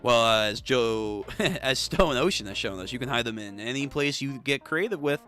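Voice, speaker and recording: A young adult man hosting a manga read-through, reacting excitedly, swearing and laughing often. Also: medium pitch, normal speed, faint music behind.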